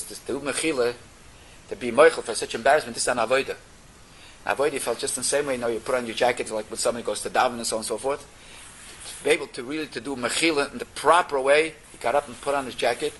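A man telling a Torah story in an animated way, mixing Yiddish and Hebrew terms into his English. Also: mid-range voice, rough recording.

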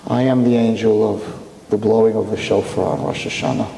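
Man doing a solemn angel, low and grave, slow, echoey hall. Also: steady tone, gravelly, warm tone, slight background noise. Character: solemn male half-white half-black angel.

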